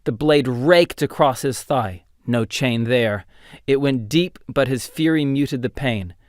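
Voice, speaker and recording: A man narrating a fantasy audiobook in an expressive, dramatic storytelling style. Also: mid-range voice, slow pace, no echo, clean studio sound. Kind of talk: scripted narration.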